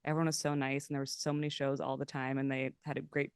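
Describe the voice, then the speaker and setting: Young female improviser, podcast guest. Smooth, clear tone, self-deprecating, lively impressions in stories. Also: a bass voice, fast, no echo, studio quality. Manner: chatty, self-mocking, animated quotes. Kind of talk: casual chat.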